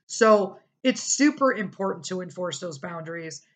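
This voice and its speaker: A middle-aged woman hosting a podcast, telling a personal story casually and animatedly, acting out what other people said. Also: normal speed. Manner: animated, acts out quoted people with big pitch jumps. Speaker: podcast host.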